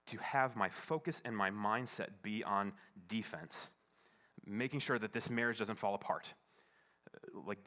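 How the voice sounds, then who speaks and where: A man preaching a sermon as a pastor, telling a personal story in an earnest, halting way, often restarting his sentences and swinging between hushed and emphatic. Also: on the low side. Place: church service.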